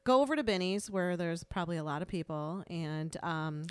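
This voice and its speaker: A woman's voice: fairly low pitch, animated, brisk, clean tone, no room sound. Blunt, profane woman podcast co-host. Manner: blunt, profane, laughing often. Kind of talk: casual chat.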